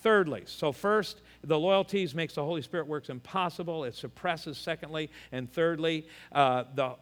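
High-voiced older pastor preaching in a hall. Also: male voice, normal speed. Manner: emphatic preaching with joking personal asides. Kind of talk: sermon. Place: church. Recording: long reverb of a large hall.

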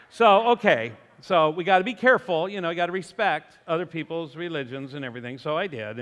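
A man preaching a sermon with emphatic, animated storytelling. His voice is bright and slightly high, and it rings out with a long reverb. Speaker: pastor.

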